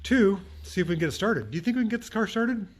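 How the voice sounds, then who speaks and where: This American channel host, a middle-aged mechanic, talks fast and expressively in a fairly high voice. He's filming a casual vlog in his auto repair shop, cheerfully explaining each step as he goes.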